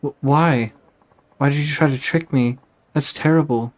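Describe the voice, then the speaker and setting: Guy doing a high sweet young girlfriend voice, emotional, game dialogue read out loud. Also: a little slow, close to an everyday voice. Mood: hurt. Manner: gushing then hurt, emotional. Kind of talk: reading game dialogue aloud.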